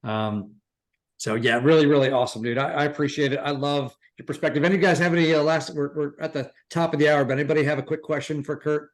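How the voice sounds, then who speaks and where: A man's voice: a little high, fairly even intonation, fast. Rambling male host, filler-heavy. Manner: loose and rambling, full of fillers. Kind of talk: casual chat.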